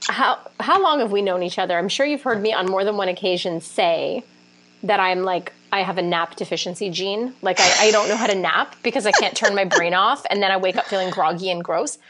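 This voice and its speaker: A woman in casual conversation, talking in an animated, self-deprecating way with lots of laughter and fillers. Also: mid-range voice, fairly quick. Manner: frequent fillers like "like" and "you know". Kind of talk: casual chat.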